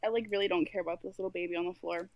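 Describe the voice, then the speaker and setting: A woman's voice: fairly low pitch, steady tone, rapid-fire, darkish tone, dry recording, low-quality recording. Chatty young woman, dry close sound. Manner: chatty, lots of "like" fillers. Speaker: podcast guest. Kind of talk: casual podcast chat.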